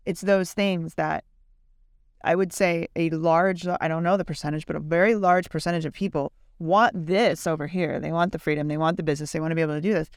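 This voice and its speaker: A woman's voice: deep voice, fairly even intonation, fairly quick, no room sound, clean studio sound. A woman co-hosting a podcast, chatting casually, teasing her guest and thinking aloud in loose run-on sentences. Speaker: podcast co-host. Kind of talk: casual interview chat.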